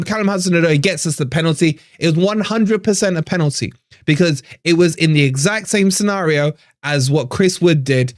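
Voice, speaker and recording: A man's voice: sits high, no echo, clean studio sound. A man hosting a live fan stream, ranting with frustration after a match, swearing and repeating himself. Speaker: fan channel host. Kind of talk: live post-match rant.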